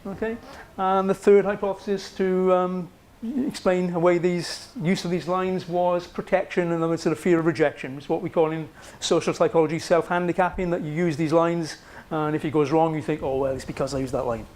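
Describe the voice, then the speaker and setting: A man's voice: high-pitched, little pitch movement, normal speed, darkish tone. A man giving a university psychology lecture in a conversational way, often checking in with "okay" and fillers. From Wales. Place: lecture room.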